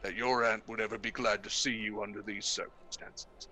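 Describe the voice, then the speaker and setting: A man voicing a huge, bear-like male bodyguard in a tabletop game, speaking slowly and bluntly. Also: lowish voice, flat delivery, bright, forceful tone, a little hiss or hum.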